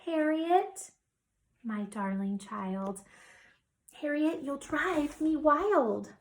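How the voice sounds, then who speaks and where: A woman voicing a patient mother of a messy little girl, in a drawn-out, pleading sing-song. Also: high voice, lively intonation, voice pushed up, full character voice.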